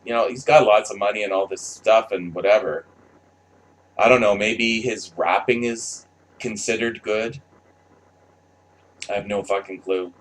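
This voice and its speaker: A man delivering an unscripted, blunt monologue with lots of swearing and restarts. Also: fairly low pitch. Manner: blunt, profane, rambling with restarts. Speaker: commentator.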